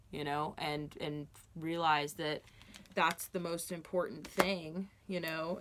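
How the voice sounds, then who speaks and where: A woman with a slightly low voice gives a casual tarot reading. She talks straight to her listener in an earnest, reassuring way. Her sentences loop back and restart, full of fillers. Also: slight background noise. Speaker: tarot reader.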